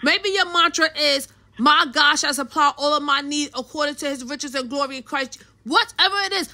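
Bright high-pitched woman, emphatic co-host. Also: normal speed, poor audio. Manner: emphatic, preachy repetition. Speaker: podcast co-host. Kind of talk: casual faith talk.

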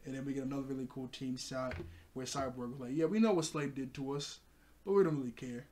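A man casually recapping a cartoon episode for his channel, excitable, laughing often and breaking into loud exclamations. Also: medium pitch, fast talker.

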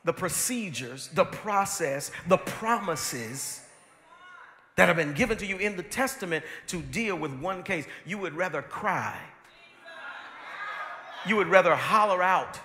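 A middle-aged man preaching a sermon as pastor, repeating phrases and swinging between hushed and loud delivery. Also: high-pitched, expressive, a little slow, big-room sound, slight background noise.

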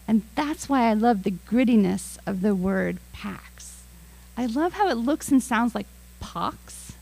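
An American woman poet reads her work aloud, taking her time and dwelling on each word. Her voice sits a little high and carries a gravelly rasp. She speaks very slowly and deliberately. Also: poor audio. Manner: slow, deliberate, lingering on words. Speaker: featured poet. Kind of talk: poetry reading with spoken introduction.

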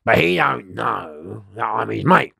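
A man's voice: on the low side, big pitch swings, unhurried, gravelly, sharp tone, husky, no room sound, studio quality. A middle-aged man, telling rambling, slangy prison stories in a casual interview, swearing and laughing often.

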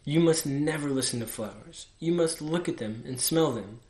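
A man voicing an earnest, gentle little boy prince in a storybook, speaking in a pleading way. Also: on the high side, moderate pace, lightly acted. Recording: echoey room.

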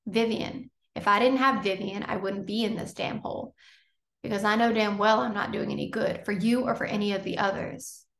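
A woman's voice: mid-range voice, normal speed, vocal fry, a bit bright. A woman voicing an earnest male schoolteacher who pleads urgently with a prisoner. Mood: pleading. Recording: roomy echo.

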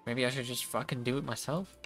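A male streamer muttering casual, profane commentary as he plays, wry and talking mostly to himself. His voice sits at an ordinary middle pitch. Faint game music runs underneath. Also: steady tone, fairly quick, a bit bright.

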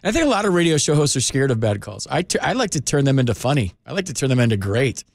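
A man hosting a sports radio call-in show, talking loosely and chattily with quick restarts, on a studio microphone. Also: mid-range voice, sing-song, no room sound. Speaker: radio sports talk host. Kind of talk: casual radio chat.

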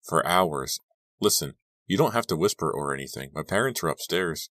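A man's voice: sits low, expressive, moderate pace, bright, forceful tone, no room sound, studio quality, full character voice. A man voicing a worried teenage girl in an audiobook, with startled, questioning lines. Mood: tense. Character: anxious teenage girl narrator-heroine.

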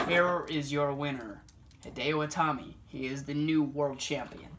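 A man giving play-by-play commentary on a wrestling video game, bursting into shouted excitement and then dropping to low mutters. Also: measured pace, background noise.

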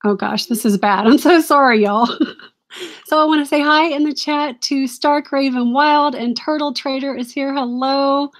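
A woman hosting a casual live stream, chatty, apologetic and easily distracted, gushing over items she is shown. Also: high-pitched.

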